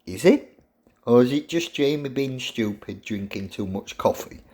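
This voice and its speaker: Playful professor, unhurried. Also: male voice, mid-range voice. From England. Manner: jokey, animated, teasing. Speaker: university professor. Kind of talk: lecture to students.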